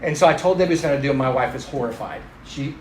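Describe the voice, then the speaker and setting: A middle-aged pastor races through a conversational, self-mocking sermon full of stories, speaking right to the crowd. His voice is medium in pitch. The poor audio sounds roomy, with slight background noise.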